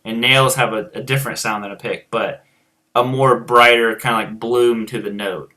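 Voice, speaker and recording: Rural-accented American man, bright tone, loose rambling live-stream chat as a guitar teacher. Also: medium pitch, fairly even intonation, normal speed. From United States. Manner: rambling, many fillers and restarts. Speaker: guitar teacher and show host. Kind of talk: casual chat answering viewers.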